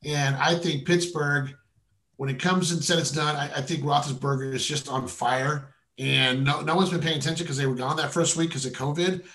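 A man's voice: on the high side, steady tone, normal speed, fairly bright tone. A man from the San Francisco Bay Area giving his weekly sports betting picks in casual, playful chat. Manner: confident, playful, talks in bursts. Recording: roomy echo.

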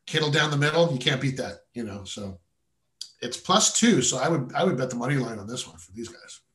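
A man's voice: mid-range voice, expressive, fairly quick, a bit bright. A man from the San Francisco Bay Area giving his weekly sports betting picks in casual, playful chat. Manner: confident, playful, talks in bursts. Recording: roomy echo.

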